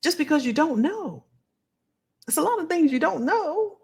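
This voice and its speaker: A woman running a career-coaching live stream speaks energetically and emphatically to her viewers, casually reading out what they comment. Her voice sits high, at a normal speed.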